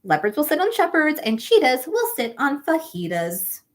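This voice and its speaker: A woman's voice: sits high, sing-song, moderate pace. A woman playing a bossy rhyming frog. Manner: emphatic, sing-song rhyming. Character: bossy, clever frog making new rules.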